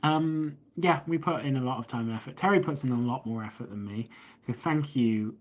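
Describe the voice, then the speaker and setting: A man's voice: medium pitch, fairly quick. An English man hosts a casual live stream, talking into a phone he holds up. He rambles from one viewer comment to the next, reading each one aloud before answering it. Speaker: host of a live stream about watches. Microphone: phone held up.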